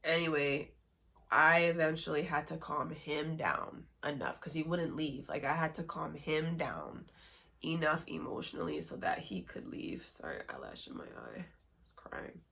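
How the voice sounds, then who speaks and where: A woman's voice: low-pitched, lively intonation, normal speed, vocal fry, fairly bright tone. A woman hosting a podcast, telling a personal story candidly in a rambling way with many filler words and nervous laughs. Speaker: podcast host.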